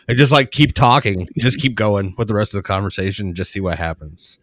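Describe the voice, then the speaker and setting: Middle-aged guy cracking jokes, lowish voice, rambles and restarts, dry close sound. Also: steady tone, normal speed, few pauses, no room sound. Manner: joking, rambling with many fillers and restarts. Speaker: medical provider, podcast co-host. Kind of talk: casual chat.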